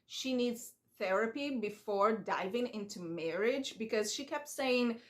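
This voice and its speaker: A woman talks through a reality show recap in a loose, opinionated, chatty way. Her voice sits a little high for a woman. She drops into quick impressions of the people she discusses. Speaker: reaction vlogger. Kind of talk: casual recap commentary.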